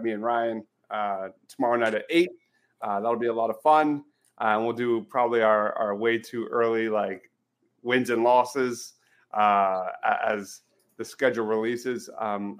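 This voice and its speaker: A man's voice: medium pitch, a bit bright. A man on a sports podcast panel, plugging his shows in a rambling, filler-heavy way. Casual talk among friends.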